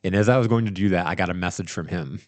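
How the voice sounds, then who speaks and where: A man hosting a podcast, telling a story in casual chat, animated and rambling with restarts. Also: low voice, very fast, no echo. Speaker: podcast host.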